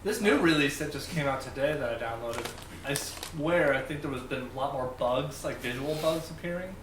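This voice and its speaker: A man's voice: mid-range voice, normal speed, reverberant, recorded from a distance, background noise. A young man, a podcast co-host, chatting casually about games and laughing through his profane stories. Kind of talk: casual gaming chat.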